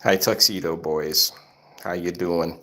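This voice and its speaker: A man's voice: sits low, steady tone, takes it slowly, pushed and bright. A man hosting a casual livestream, explaining things in a rambling way full of fillers and restarts. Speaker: cat channel host.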